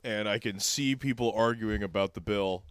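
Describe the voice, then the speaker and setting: A man's voice: lowish voice, moderate pace, a bit bright, clean tone, no room sound, clean studio sound. A male stand-up comedian co-hosting a podcast, trading crude, riffing banter in casual chat.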